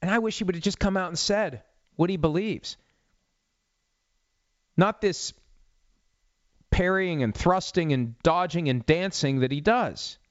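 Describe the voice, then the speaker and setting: A man's voice: sits high, measured pace, long pauses, no echo, muffled recording. A man hosting a solo sports talk show in a studio, arguing with sarcasm and pointed rhetorical questions. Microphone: studio mic with cough button.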